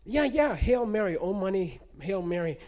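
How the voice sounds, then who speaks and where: A man's voice: sits high, sing-song, moderate pace, a little mellow, voice pushed up. A man doing a soothing Catholic priest. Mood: reassuring. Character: reassuring male Catholic priest, a bit cautious.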